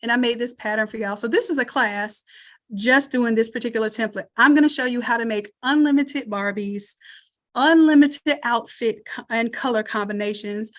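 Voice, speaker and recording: Southern woman, slightly high voice, energetic webinar instructor who cheers on her viewers, computer mic on a video call. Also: normal speed. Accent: Southern American. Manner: energetic, encouraging, addresses audience as y'all. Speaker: online design course instructor. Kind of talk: live webinar teaching and promotion.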